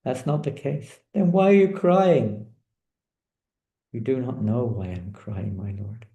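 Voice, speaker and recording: A man's voice: fairly low pitch, moderate pace, gravelly, dark tone, echoey room. A man voicing a devoted queen who weeps and pleads with her lord, telling a sacred story in a sermon. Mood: pleading. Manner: pleading, tearful. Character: Rukmini, a queen, weeping and devoted.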